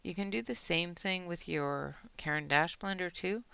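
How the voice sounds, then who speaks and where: Woman host with a low, gravelly voice, slightly winded, talking through a colouring demo on muffled audio. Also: moderate pace, pushed and bright, dry recording. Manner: chatty, explains step by step. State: out of breath. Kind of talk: casual product demo while colouring. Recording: dull lo-fi audio.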